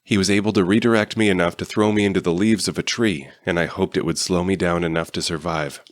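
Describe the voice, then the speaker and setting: Deep-voiced guy reading a fan audiobook, steady, dry close sound. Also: fast talker, dry recording. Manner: steady storytelling. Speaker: audiobook reader. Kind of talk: first-person audiobook narration.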